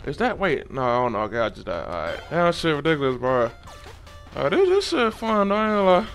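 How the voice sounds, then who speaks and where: A young man giving loose, profane, excitable commentary while playing a game. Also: fairly high pitch, quick pace, faint music behind. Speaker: gamer. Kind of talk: casual gameplay commentary.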